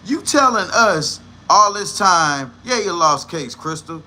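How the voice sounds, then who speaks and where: A man's voice: high-pitched, animated, slow, pushed and bright. A man hosting a livestream, giving blunt, profane and scornful reaction commentary. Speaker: livestream host.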